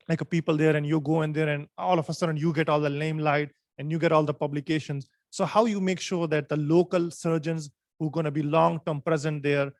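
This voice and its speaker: A man's voice: fairly high pitch, dry recording. Polite man asking a hesitant question. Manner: polite, hesitant, many "uh" pauses. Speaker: audience member asking questions. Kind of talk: formal question after a lecture.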